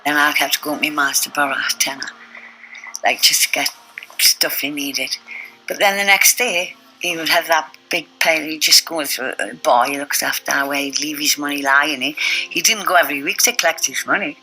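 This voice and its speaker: A woman's voice: low-pitched, moderate pace, pushed and bright, low-quality recording. An older woman, telling stories casually in an interview and acting out the quotes. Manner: chatty, acts out quotes in the story. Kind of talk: casual storytelling.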